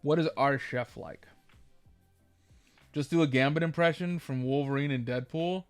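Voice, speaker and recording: A man streaming a game live, chatting casually and thinking aloud with many halting restarts. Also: mid-range voice, clean tone, no echo, faint music behind.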